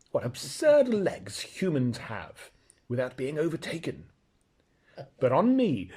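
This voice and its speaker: A man reading aloud, voicing a proud and blunt talking male horse who lectures in a brisk, scornful way. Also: mid-range voice, a little mellow, slightly rough. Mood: persuasive.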